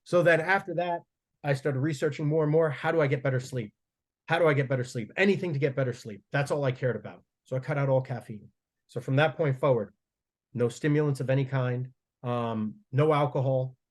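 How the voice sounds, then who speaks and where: A man's voice: medium pitch, brisk. A man, a strength coach guest on a podcast, telling stories in a casual, profane and rambling way with frequent restarts.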